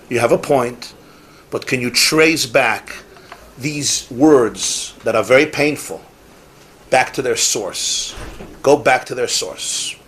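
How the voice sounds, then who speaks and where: A man's voice: fairly high pitch, fairly bright tone. A rabbi giving a Torah class, emphatic and repeating his key phrases, with Yiddish and Hebrew words mixed in.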